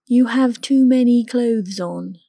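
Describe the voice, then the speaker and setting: A woman's voice: on the high side, takes it slowly, mellow, dry recording, clean studio sound. A woman reading a cheeky young woman.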